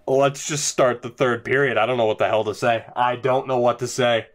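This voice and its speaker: A young man commentating his own hockey video game, mostly deadpan and low-key, with sudden bursts of disbelief. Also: moderate pace. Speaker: gaming commentator. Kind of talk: casual let's-play commentary. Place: home room early in the morning.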